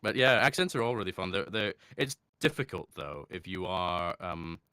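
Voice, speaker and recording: Reflective voice actor, bright dry tone. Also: male voice, deep voice, moderate pace, clean tone, no room sound. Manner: reflective, chatty, laughs easily. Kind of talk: casual interview talk.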